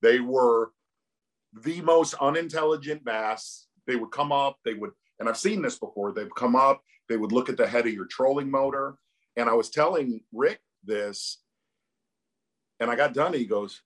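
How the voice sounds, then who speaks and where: A man's voice: medium pitch, normal speed. A middle-aged man, a tournament commentator, telling stories with animation and laughter in a casual interview.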